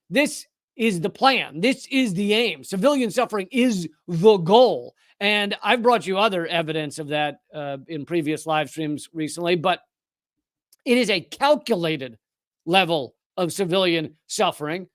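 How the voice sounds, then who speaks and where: High, smooth-voiced sarcastic male commentator. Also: animated, a little slow, fairly bright tone, dry recording. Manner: sarcastic and mocking. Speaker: live-stream commentary host. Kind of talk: live-stream political commentary.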